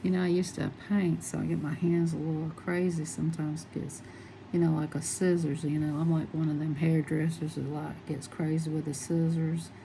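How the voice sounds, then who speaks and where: A woman's voice: sits low, level tone, normal speed, gravelly, dark tone, slight background noise, low-quality recording. A middle-aged woman chatting casually and rambling as she colors, laughing often. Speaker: coloring channel host. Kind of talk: casual chat while coloring.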